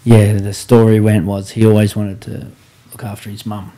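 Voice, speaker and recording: A male podcast host with a lowish, very dark and mellow voice. He talks reflectively and recounts his stories in an even, steady way. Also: normal speed. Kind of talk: casual interview chat.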